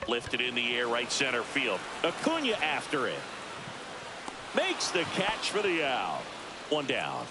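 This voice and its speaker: A man voicing a brisk, upbeat play-by-play announcer in a baseball video game, with a polished broadcaster delivery. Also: mid-range voice, huge pitch swings, very noisy. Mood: calling play.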